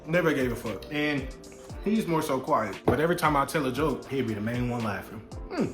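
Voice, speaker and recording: In a vlog recorded in an echoey room with background music, a young adult man eats while casually telling a story. He speaks fairly fast in a mid-range voice with lively intonation, mixing in slang, swearing, and playful asides.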